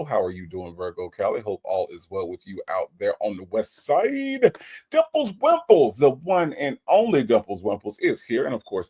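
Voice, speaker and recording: Lively man hosting a live chat. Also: fairly low pitch. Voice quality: lively, playful, teasing delivery. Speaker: livestream host. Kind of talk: casual live chat, reading out viewer comments.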